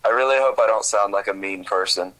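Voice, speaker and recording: A man's voice: on the low side, a little fast, a bit bright, low-quality recording. A young man chatting casually as a podcast guest, rambling and hesitant, with a laid-back way of talking. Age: young adult. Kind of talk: casual chat.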